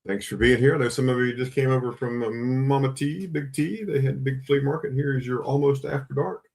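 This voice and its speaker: A man hosts a casual livestream coin sale, chattily greeting viewers by name over and over. His mid-range voice is brisk and a little mellow, with fairly even intonation.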